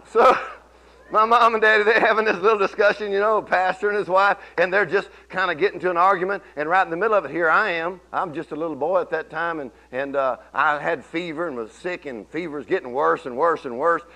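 A middle-aged man preaching a sermon, telling folksy stories and swinging from low murmurs to loud exclamations. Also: fairly quick. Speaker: pastor.

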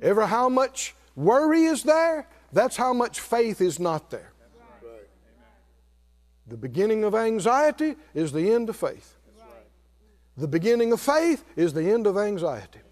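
Older guy preaching, voice jumps high and low a lot, shouts then drops to a mutter. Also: very animated, a little slow, long pauses. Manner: preaching with call-and-response, swinging from loud exclamations to low murmurs. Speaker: pastor. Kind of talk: sermon.

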